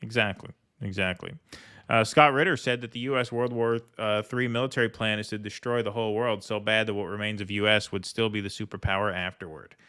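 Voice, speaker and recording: A man co-hosting a political stream, talking in a casual, emphatic and animated way and often agreeing with his partner. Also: fairly low pitch, brisk, clear, resonant tone, no room sound, clean studio sound. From United States.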